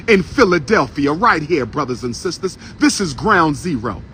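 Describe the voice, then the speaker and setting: A man with a high voice delivers a fiery street speech to a gathered crowd. He drives each point home by repeating it, rising and falling like a preacher. Faint traffic hums behind him outdoors. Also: very animated, moderate pace, few pauses, a bit bright. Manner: repeats lines for emphasis, preacher-like cadence. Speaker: street speaker. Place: outdoors on a city street by a historical marker.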